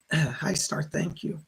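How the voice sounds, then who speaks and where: A hoarse man doing live psychic readings, passing on spirit messages as quoted speech. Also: fairly high pitch, steady tone, extremely slow, fairly bright tone, low-quality recording. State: hoarse, losing his voice. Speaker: psychic medium.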